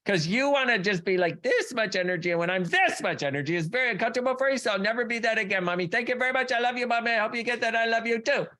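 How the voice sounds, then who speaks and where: Brief: a small girl begging her mother for approval, high and sweet, played by a man. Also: expressive, racing, few pauses, sharp tone, full character voice. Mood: pleading. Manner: sweet, pleading, childlike. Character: small daughter eager to please her mother.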